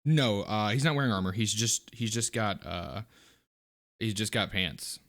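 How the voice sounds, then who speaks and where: A man with a fairly low voice runs a tabletop game as game master. He describes the scene in a loose, conversational way and often pauses to find his words. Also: animated, fairly bright tone.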